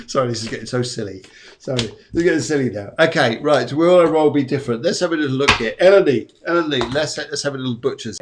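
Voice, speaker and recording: A man's voice: medium pitch, quick pace, background noise. A man, a psychic medium, hosting a live-stream show in a chatty, jokey, rambling way. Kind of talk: live-stream reading chat.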